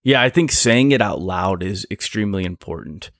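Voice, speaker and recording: A man who works as a flight paramedic, talking casually as a podcast guest, eager and explanatory and quick to laugh. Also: lowish voice, fairly bright tone, no echo, studio quality. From United States. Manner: enthusiastic, explanatory, laughs easily.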